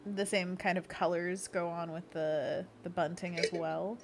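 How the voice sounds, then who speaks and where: A woman's voice: lowish voice, level tone, unhurried, slight background noise. A young woman hosting a casual livestream, playful and giggly, leading hand stretches with silly monkey noises. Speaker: livestream host.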